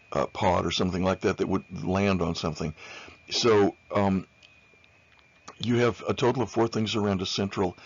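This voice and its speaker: A man's voice: low-pitched, muffled recording. A man lecturing on chemistry over slides in an informal way, with many fillers, often repeating key points.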